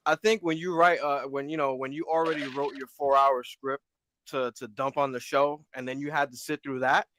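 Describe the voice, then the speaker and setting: Relaxed joking man on a stream. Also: mid-range voice, normal speed, slight background noise. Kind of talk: casual live stream chat.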